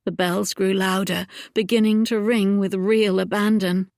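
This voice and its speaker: A woman narrating an audiobook in a measured, intimate storytelling manner. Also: medium pitch, flat delivery, vocal fry, a little mellow, no echo, clean studio sound. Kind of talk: scripted narration.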